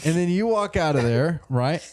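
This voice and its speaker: A man's voice: a little high, animated, normal speed, darkish tone. A man co-hosting a comedy podcast, improvising a silly adventure story in a rambling way with lots of fillers and restarts. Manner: rambling, many restarts and fillers, laughing at his own story. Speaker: podcast co-host.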